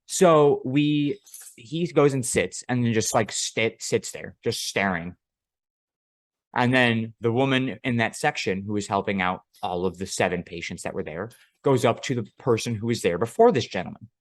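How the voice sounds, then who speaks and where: In a mid-range voice at normal speed, a man co-hosting a podcast rambles through a long story, swearing and frequently laughing. The sound is studio quality with no room sound.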